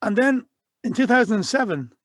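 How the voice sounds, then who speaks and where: A man's voice: very high-pitched, expressive, fairly quick. A man hosting a casual podcast interview, joking and prompting with short questions. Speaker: podcast host.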